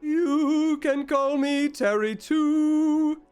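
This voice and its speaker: A man's voice: medium pitch, wildly swooping pitch, normal speed, gravelly, fairly bright tone, soft background music, voice pushed up, heavily acted. A man doing a mimicking raven-man. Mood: high chirpy. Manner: mimics other voices, sometimes sultry, sometimes priestly. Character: male raven-person mimic, odd and curious.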